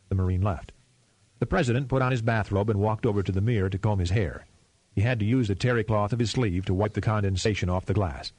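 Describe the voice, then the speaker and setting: A man reading a thriller novel aloud as narrator, in a steady, measured reading. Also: lowish voice, slightly rough, dry recording. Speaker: audiobook narrator. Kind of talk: scripted narration.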